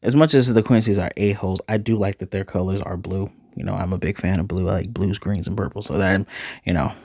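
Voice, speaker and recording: A man casually recapping an anime episode in an animated way, acting out quoted lines as he goes. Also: low-pitched, a little fast, dry recording, studio quality. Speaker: anime reviewer.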